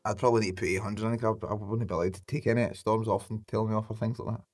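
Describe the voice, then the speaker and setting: A man's voice: fairly low pitch, steady tone, racing, darkish tone, soft background music. A Scottish man in his thirties, hosting a casual podcast chat, swearing freely and joking around. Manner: swears freely, jokey banter.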